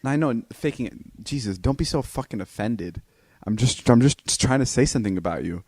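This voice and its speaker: A man's voice: mid-range voice, lively intonation, fairly quick, dark tone, no echo. A man in his twenties co-hosting a podcast, telling a story casually with plenty of swearing and acting out what people said in raised voices. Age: 20s. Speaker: podcast co-host. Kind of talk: casual chat.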